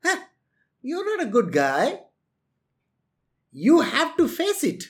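Spiritual teacher, lively delivery with wide pitch swings, frequent laughter, plays out quotes. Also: slow. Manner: animated, laughs often, acts out quotes. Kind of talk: lecture on renunciation.

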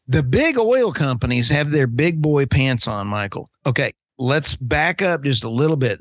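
A man's voice: medium pitch, dry recording, studio quality. A man co-hosting an energy news podcast, talking in a rambling way and getting worked up as he rants. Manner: rambling, fired-up ranting. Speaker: podcast co-host. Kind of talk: news commentary chat.

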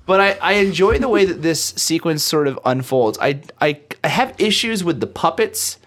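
A man's voice: on the high side, lively intonation, normal speed, a bit bright. A man hosting a podcast, chatting casually about a film in a rambling, self-deprecating way full of fillers, a little tipsy. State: has been drinking. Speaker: podcast host.

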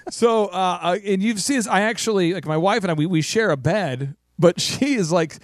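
A man's voice: high voice, normal speed, no echo. A middle-aged man hosting a casual talk show, telling stories with laughter and restarted sentences. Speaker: host.

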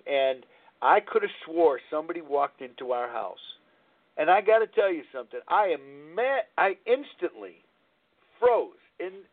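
Man in his sixties hosting live radio over a tinny line. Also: fairly high pitch. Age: 60s. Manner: candid, rambling storytelling with frequent restarts. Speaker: radio show host. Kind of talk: live radio talk on recovery. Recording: tinny phone-line sound.

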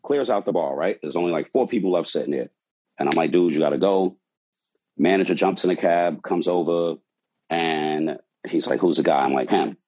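A man's voice: sits low, normal speed, breathy edge, muffled recording. A man, a bartender, telling a wild story from his shift in a casual, profane way, acting out quotes. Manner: animated, profane, acts out quotes.

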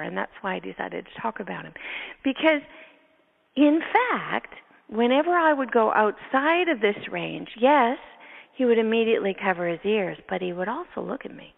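Woman, storytelling host, lively, gravelly voice, tinny phone line. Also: mid-range voice, moderate pace. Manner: lively, laughs often, acts out her own thoughts. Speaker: neurotherapist and podcast host. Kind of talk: storytelling in casual chat. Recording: tinny phone-line sound with long reverb.

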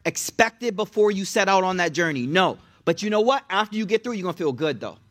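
A young man delivers a casual sermon in a high voice, animated and slangy, acting out the people in his stories. His pitch swings from bright peaks down to low, quiet asides. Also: quick pace. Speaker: religious teacher.

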